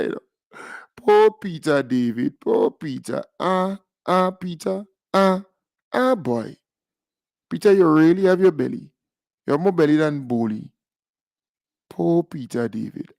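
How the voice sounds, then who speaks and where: A man with a Grenadian accent, hosting a radio show, giving mocking political commentary in a teasing, sing-song tone of fake pity with drawn-out taunts. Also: a little high, gravelly, a little mellow, no echo.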